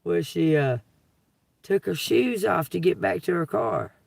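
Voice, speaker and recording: A woman telling profane, laughing stories on a casual livestream, breaking into loud outbursts. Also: on the low side, animated, a little slow, gravelly, no echo, distant mic. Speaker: livestream host. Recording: dry, from away from the mic.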